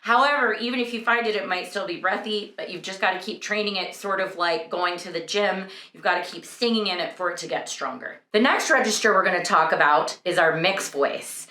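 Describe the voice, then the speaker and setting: A woman's voice: lowish voice, pushed and bright. A young adult woman vocal coach, explaining singing registers and breaking into sung examples. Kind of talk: singing lesson with sung demonstrations. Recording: echoey room.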